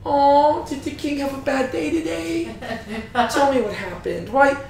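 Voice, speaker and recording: Man doing a scheming queen cooing like a mother, soft and echoey. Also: extremely high pitch, unhurried, vocal fry, distant mic, slight background noise, pitched above the performer's own voice, exaggerated voice. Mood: coddling. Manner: cooing, babying. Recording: very echoey room.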